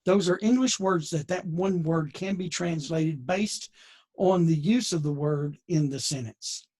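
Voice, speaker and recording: A man's voice: on the high side, measured pace, darkish tone. A man leading a conversational Bible lesson, folksy and digressive with many restarts. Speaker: Bible teacher.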